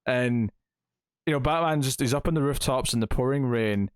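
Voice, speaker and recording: A man's voice: medium pitch, moderate pace, clean tone, dry recording, clean studio sound. Chatty man reviewing comics. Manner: chatty, retells plot with acted quotes, many fillers. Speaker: podcast co-host reviewing comics. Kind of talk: casual review chat.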